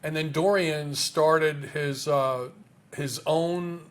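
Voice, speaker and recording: A man's voice: on the high side, fairly even intonation, takes it slowly. A man in an interview talking casually about health research, emphatic, with rhetorical questions and frequent restarts.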